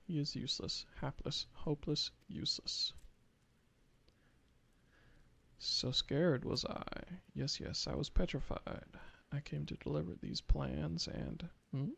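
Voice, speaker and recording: A man's voice: a little high, steady tone, measured pace, creaky, a bit bright, breathy edge, exaggerated voice. A man voicing a fretful, dramatic little kobold alchemist who repeats itself in strings of synonyms. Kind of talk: reading game dialogue aloud.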